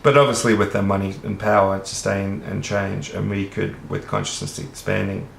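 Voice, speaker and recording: An Australian man talks on at length in a low, flat, gravelly voice, earnest and rambling, with casual swearing. The room around him sounds echoey. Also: brisk, a little hiss or hum. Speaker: vlogger. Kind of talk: rambling monologue to camera. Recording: roomy echo.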